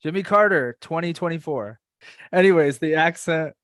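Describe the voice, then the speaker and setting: A man with a Florida accent, a podcast host chatting in a joking, halting way. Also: a little high, a bit bright, no room sound, clean studio sound. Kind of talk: casual podcast chat.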